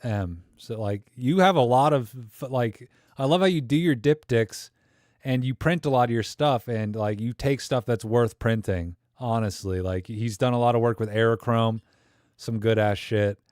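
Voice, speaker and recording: A man's voice: medium pitch, normal speed, darkish tone, dry recording, studio quality. A man hosting a live camera Q&A, chatting in a rambling, enthusiastic, slangy way. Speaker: livestream host. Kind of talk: casual live Q&A chat.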